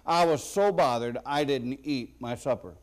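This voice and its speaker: A man preaching a sermon as a pastor, slow and deliberate with sudden loud emphatic bursts. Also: medium pitch.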